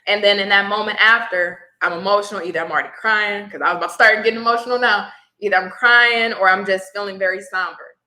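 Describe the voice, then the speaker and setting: A woman's voice: mid-range voice, steady tone, fast, hardly any pauses, sharp tone, roomy sound, rough recording. A woman tarot reader, a guest in an interview, telling her personal story in a reflective way and becoming teary at times. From Houston area.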